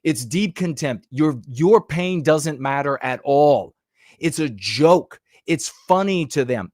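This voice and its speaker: A man's voice: fairly high pitch, no echo, studio quality. A man giving heated, emphatic podcast commentary over news clips, with frequent rhetorical flourishes.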